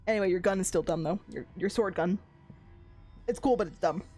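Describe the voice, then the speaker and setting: A woman's voice: on the low side, a little fast, mellow, soft background music. A young woman streaming a game, chatting casually, gushing about the characters and giggling often. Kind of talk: casual gameplay commentary.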